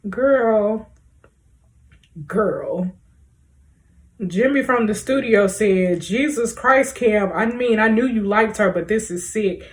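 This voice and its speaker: A woman doing let's play commentary, reading in-game messages aloud and talking straight to her viewers in a lively, chatty way. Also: medium pitch, slow pace. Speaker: gaming video creator.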